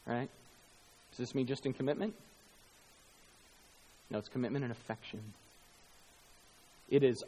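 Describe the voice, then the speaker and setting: A man's voice: on the high side, husky, big-room sound. A middle-aged man preaching a sermon as pastor, telling a story animatedly and acting out the quoted lines himself.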